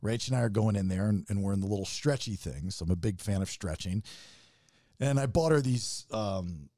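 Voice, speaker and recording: A man telling a story in casual podcast chat, his voice leaping up high whenever he acts out what someone said. His pitch is lively and animated, and he swears freely. The recording is dry and close. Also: moderate pace, no room sound.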